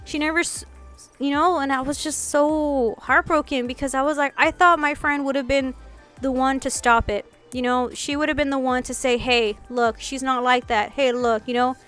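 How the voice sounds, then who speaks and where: A young woman with a high, light voice tells a personal story straight to her viewers. She is animated and casual, leaning on "like" and restarting sentences as she voices the people in her story. Faint music plays behind her. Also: normal speed. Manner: animated, acts out quotes, many "like"s and restarts. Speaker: vlogger. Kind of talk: storytime chat.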